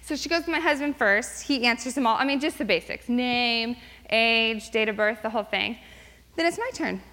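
Woman, 30s, bright and fairly high-pitched, telling a personal story at church, casual with plenty of "um"s, long echo in a hall. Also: normal speed. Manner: chatty, many fillers, lively retelling. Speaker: church speaker. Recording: long reverb in a large hall.

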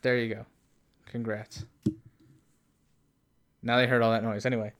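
A man's voice: mid-range voice, level tone, measured pace, fairly bright tone. A man co-hosting a casual podcast, teasing his partner, laughing often and trailing off mid-sentence. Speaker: podcast co-host. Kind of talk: casual banter.

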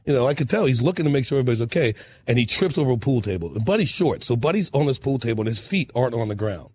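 Husky man telling wild stories. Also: medium pitch, rapid-fire. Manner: lively storyteller, laughs through punchlines, acts out quotes. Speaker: musician guest. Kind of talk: animated storytelling on a talk show.

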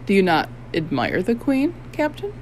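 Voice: mid-range voice, lively intonation, unhurried, darkish tone, slight background noise, lightly acted, low-quality recording. An audiobook narrator voicing a sly young male rogue with a bland, purring, insinuating manner. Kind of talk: audiobook character voice.

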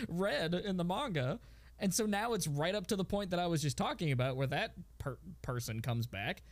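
A man's voice: on the high side, expressive, brisk. A man co-hosting a podcast in casual chat, telling stories animatedly and chuckling along. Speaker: podcast co-host.

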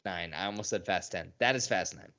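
A man's voice: sits low, fairly quick, clean tone. A man co-hosting a podcast, recapping a film in casual, profane chat and acting out scenes. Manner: animated, profane, acts out lines from scenes. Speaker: podcast co-host. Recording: dull lo-fi podcast audio.

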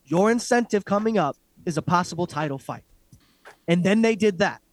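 Male podcast co-host, loud profane rants, slightly high voice. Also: normal speed, no echo. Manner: blunt, profane, animated ranting. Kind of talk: casual fight recap chat.

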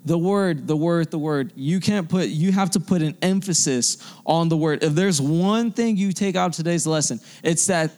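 A young man preaching with a high, ringing voice. He talks fervently, circling back and repeating phrases to drive each point home, in the rhythm of a sermon to young adults. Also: normal speed, few pauses, a little mellow. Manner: fervent, repetitive, restarts phrases for emphasis.

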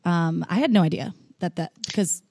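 A curious woman host asking her questions tentatively, with the odd soft laugh. Her voice is warm, mellow and a little low, recorded dry and close. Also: moderate pace, gravelly, slightly rough, dry recording. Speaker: podcast host. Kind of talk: casual interview question.

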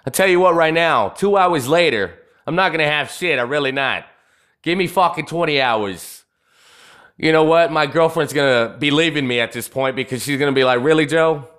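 A man's voice: on the high side, moderate pace, a bit bright, clean tone. A man hosting a live podcast, telling stories in a swaggering, profane rant full of asides to his listeners. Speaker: podcast host.

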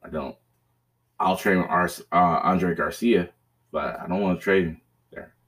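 A man's voice: sits low, steady tone, a little slow, fairly bright tone. A man hosting a podcast, telling a story in casual chat, profane and rambling, with restarts and bursts of laughter. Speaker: podcast host.

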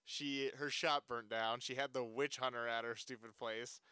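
A man's voice: mid-range voice, steady tone, normal speed, bright, forceful tone, smooth, dry recording. A man chatting casually about a movie, loose and full of fillers, often laughing. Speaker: movie reviewer. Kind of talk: casual chat.

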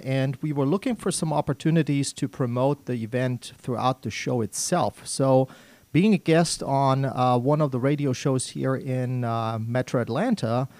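A friendly male radio host with a German accent welcomes guests in a casual studio chat. His voice is mid-pitched and upbeat. The room sound is dry and close. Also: a little mellow, no echo. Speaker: radio talk show host.

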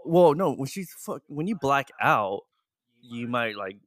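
A man in casual chat among friends, swearing freely and laughing often, with loud bursts. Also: mid-range voice, very animated, a little slow.

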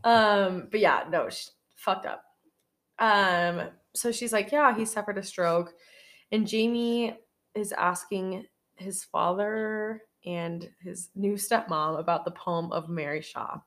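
A woman's voice: medium pitch, slow, a bit bright. A young woman co-hosting a podcast, recapping a horror film in casual chat, giggly and rambling with some swearing. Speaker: podcast co-host.

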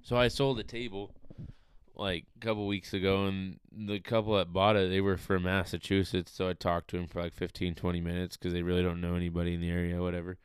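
Low, smooth-voiced man chatting. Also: little pitch movement, fast, no echo. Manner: loose, agreeable, lots of "like" and "whatever". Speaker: podcast co-host. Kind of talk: casual podcast chat.

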